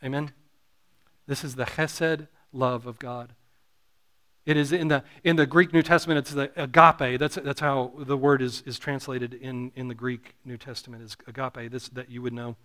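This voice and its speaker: A man's voice: medium pitch, steady tone, normal speed, pushed and bright. A man preaching a sermon, earnest and explanatory, often restarting phrases and asking the congregation to answer "Amen?". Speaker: pastor.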